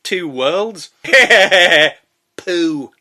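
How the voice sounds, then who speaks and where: A man recording comedy review outtakes, giggling, swearing and breaking into sudden loud silly outbursts. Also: sits high, animated, very slow.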